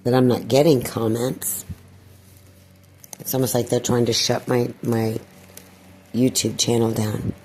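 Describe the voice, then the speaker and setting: A woman talking in a personal vlog monologue, weary and distressed, sighing and clearing her throat. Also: very deep voice, little pitch movement, a little slow, pauses often, darkish tone, slight background noise. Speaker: video blogger.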